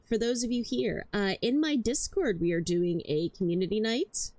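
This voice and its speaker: A woman's voice: mid-range voice, a little mellow. A woman streaming, chatting casually and rambling, swearing often and tripping over her words, hyper but tired. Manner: rambling, swears a lot, stammers and repeats herself.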